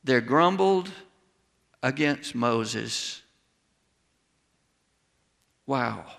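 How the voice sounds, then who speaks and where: A man's voice: mid-range voice, expressive, drawn-out words, vocal fry, fairly bright tone, big-room sound. A middle-aged man preaching a sermon, telling folksy stories and building to emphatic exclamations. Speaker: pastor.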